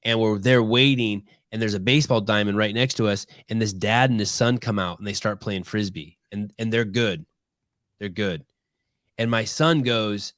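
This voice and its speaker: A middle-aged man hosting a podcast, telling stories in casual chat, swearing freely and getting animated. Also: lowish voice, moderate pace, no echo, clean studio sound. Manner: profane storytelling, animated. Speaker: podcast host.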